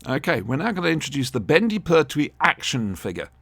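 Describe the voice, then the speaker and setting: A man's voice: on the high side, a little fast, vocal fry, no echo. A man, co-hosting a casual, jokey watch-along commentary. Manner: jokey, rambling, animated reactions. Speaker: podcast co-host.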